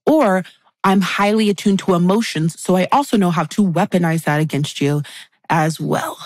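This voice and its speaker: A woman guest on a podcast, explaining friendship dynamics in a lively conversational way and acting out quoted remarks. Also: fairly low pitch, moderate pace, no room sound. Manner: animated, acts out catty quotes.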